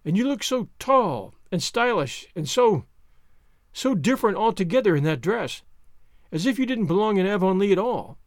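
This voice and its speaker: A man's voice: high voice, big pitch swings, moderate pace, no echo, clean studio sound. A man voicing a stern, wistful older woman. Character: stern older farm woman, reserved but loving.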